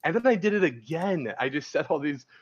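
A man's voice: fairly high pitch, expressive, brisk, husky. Rambling man with a dull lo-fi sound. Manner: rambling, candid storytelling with many restarts. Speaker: dating coach guest. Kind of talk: casual podcast interview.

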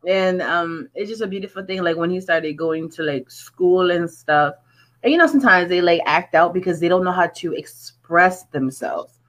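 A woman's voice: fairly low pitch, normal speed. A woman who is a music artist, talking in an earnest, chatty way with many fillers in a casual interview.

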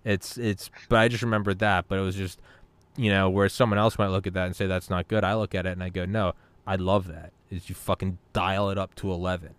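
A man in his thirties hosting a podcast, telling stories in an animated, casual way, swearing freely and repeating words. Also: low voice, brisk, smooth, no room sound. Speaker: podcast host. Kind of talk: casual storytelling chat.

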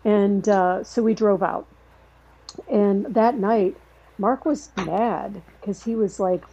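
A woman's voice: mid-range voice, steady tone, slow pace, dark tone, slightly rough. A woman, the host's sister, telling a family story in a rambling, casual way with many fillers and restarts. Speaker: podcast guest, host's sister. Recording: muffled, lo-fi podcast recording.

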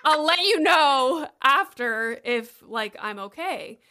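A woman's voice: high voice, slow. A woman in her thirties from Canada, telling a story in casual chat with lots of fillers and casual swearing. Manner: animated, chatty, swears casually.

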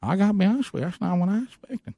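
A man's voice: high-pitched, expressive, very fast, creaky, mellow, no room sound, voice pushed up, full character voice. A man voicing a bewildered rural man with a drawl, full of puzzled questions. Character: bewildered rural Southern man, bulldozer operator.

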